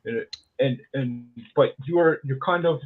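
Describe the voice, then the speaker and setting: A man's voice: mid-range voice, takes it slowly. A man interviewing a guest who stumbles and repeats words while searching for what to say. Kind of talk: casual interview chat. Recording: tinny phone-like line.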